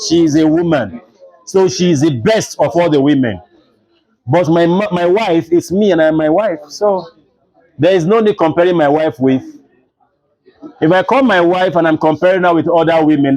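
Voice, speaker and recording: A young adult man with a Nigerian English accent, a literature teacher lecturing a class and acting out the voices in his stories. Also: on the high side. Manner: animated storytelling, acts out dialogue.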